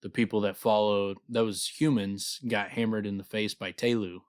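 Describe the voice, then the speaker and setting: Low-voiced casual podcast guy. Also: flat delivery, normal speed, smooth, no room sound, clean studio sound. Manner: loose, profane, laughing, reads excerpts aloud. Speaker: podcast co-host. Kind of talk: casual book discussion with read-aloud passages.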